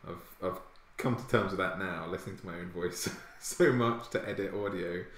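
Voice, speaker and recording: A man's voice: low voice, moderate pace, a bit bright, reverberant. A man with a posh southern English accent chatting casually while streaming his art, self-mocking and laughing often. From Hampshire, England. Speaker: fantasy artist streaming live. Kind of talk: casual chat while drawing.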